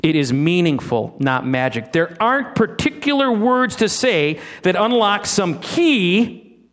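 High-voiced man preaching a sermon. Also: big pitch swings, a little slow, a bit bright. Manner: teasing, asks the congregation rhetorical questions.

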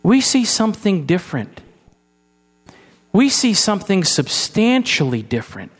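A man preaches a sermon in an unhurried, high voice, asking his listeners questions as he goes. At times he sinks into a hushed, solemn tone. His voice carries a long hall reverb over a low mains hum. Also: big pitch swings. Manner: conversational preaching with rhetorical questions to the congregation; drops to a soft, hushed tone for solemn passages. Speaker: pastor.

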